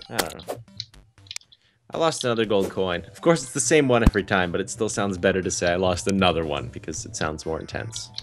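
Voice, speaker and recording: A man's voice: low voice, fairly quick. A man bantering goofily while giving casual commentary on a game over a voice call. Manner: goofy, jokey banter. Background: game music.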